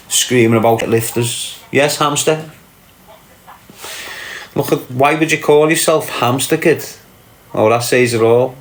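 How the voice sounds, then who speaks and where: Man, livestream host, casual chat, sweary, taunting, medium pitch. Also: fairly bright tone, reverberant. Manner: brash, sweary, mocking banter.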